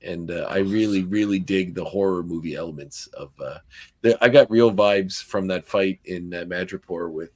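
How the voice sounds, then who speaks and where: Hosting a casual podcast, a man from Canada with a Nova Scotian accent talks in a deep voice at a normal speed. He meanders loosely, repeatedly restarting and filling gaps with fillers.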